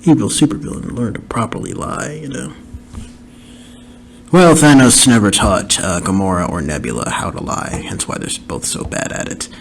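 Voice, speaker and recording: A man's voice: on the low side, moderate pace, gravelly, a little hiss or hum. A man hosting a podcast, giving casual movie commentary with joking, chatty asides. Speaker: podcast host.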